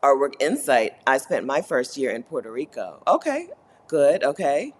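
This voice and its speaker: Husky, lively woman hosting a livestream. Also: mid-range voice, fairly quick. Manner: chatty, laughs often, playful mock complaints. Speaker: livestream host reading chat. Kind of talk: casual live-stream chat. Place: Caribbean.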